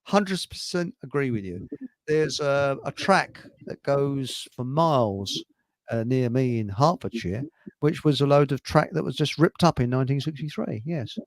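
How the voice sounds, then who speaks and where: A man's voice: medium pitch, lively intonation, measured pace, dry recording. A man hosting a casual livestream, reading out viewer comments and laughing at his own crude jokes. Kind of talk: casual chat.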